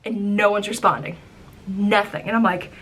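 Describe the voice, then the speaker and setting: A young woman chats through stories from her days as a ride guide, with a bright, forward voice that stays at an ordinary pitch. She talks in a loose, rambling way, full of little "likes" and "ums", and slips into lively replays of her own reactions. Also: moderate pace, breathy edge. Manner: animated, acts out her own past reactions; chatty, with frequent "like" and "um". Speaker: former theme park ride guide. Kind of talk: casual storytelling vlog.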